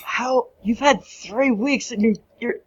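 A man's voice: very high-pitched, slow, husky, voice pushed up, exaggerated voice. A man voicing a lazy, scheming male crime boss who makes crude, blustering threats, on a dull lo-fi recording.

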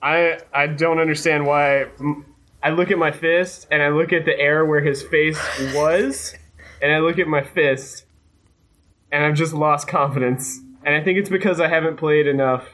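A man with a fairly high voice plays a tabletop role-playing game. He is jokey and animated as he describes his character's actions. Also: moderate pace. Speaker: player.

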